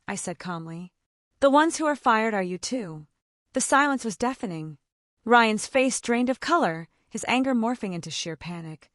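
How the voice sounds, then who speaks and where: A woman narrates a scripted first-person drama with emphatic, dramatic delivery. Her voice sits at an ordinary pitch. The recording is dry and close, with no room sound. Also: no echo.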